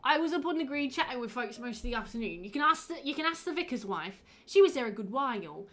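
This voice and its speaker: A woman's voice: high-pitched, expressive, quick pace, a bit bright. A woman voicing a defensive male village suspect in a broad, playful put-on regional accent.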